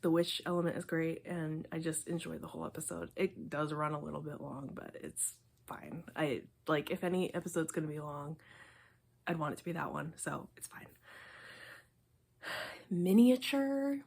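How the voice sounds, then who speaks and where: Young woman, casual host, husky and a little raspy, chatty rambling delivery. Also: low voice, steady tone, fairly quick. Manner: rambling, many fillers, drops to soft asides. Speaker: video host. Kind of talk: casual review rant.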